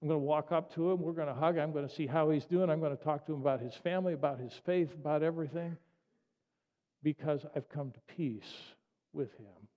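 A man's voice: fairly high pitch, fairly quick. Man preaching in a reverberant hall. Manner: conversational storytelling, many restarts and asides. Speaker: pastor. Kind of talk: sermon. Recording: dull sound, long reverb.

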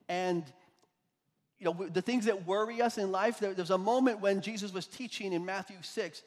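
A pastor preaching a sermon, swinging from loud emphasis to hushed, soft lines. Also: male voice, high-pitched, normal speed, in a large hall.

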